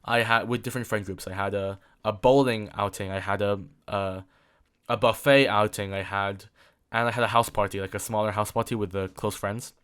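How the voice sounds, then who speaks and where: Rambling young man with a low voice. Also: fairly even intonation, normal speed, fairly bright tone, smooth. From England. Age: late teens. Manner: rambling, repeats words, many fillers. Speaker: podcast host. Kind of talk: solo rambling chat.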